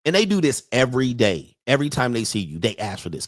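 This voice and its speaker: A man's voice: mid-range voice, big pitch swings, a little fast, few pauses, no room sound, studio quality. A man hosting a livestream, giving a profane, mocking rant and often laughing at his own points. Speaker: host of a dating and lifestyle livestream.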